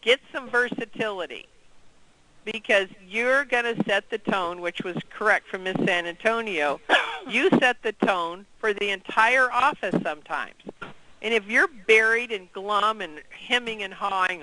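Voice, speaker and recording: A man leading an interactive training session, energetic and quizzing the group. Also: high voice, unhurried, poor audio.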